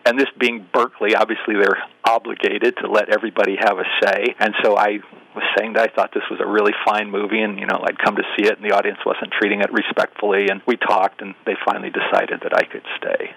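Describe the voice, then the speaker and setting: A man's voice: fairly low pitch, flat delivery, quick pace, gravelly, fairly bright tone, no room sound, poor audio. Older man, wry anecdotes, self-deprecating, dry close sound. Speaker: interview guest. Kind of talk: casual storytelling.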